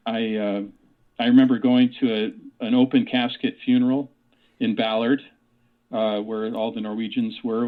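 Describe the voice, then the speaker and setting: Man in his sixties on a tinny phone line. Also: mid-range voice. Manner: rambling, with many fillers and restarts. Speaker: guest, author and parapsychologist. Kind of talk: casual storytelling in a radio interview.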